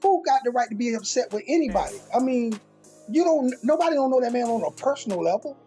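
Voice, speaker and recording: A woman's voice: a little high, lively intonation, fast talker, dark tone. Blunt outspoken woman, faint music. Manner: blunt, outspoken, informal speech. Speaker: podcast panelist. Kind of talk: casual panel discussion.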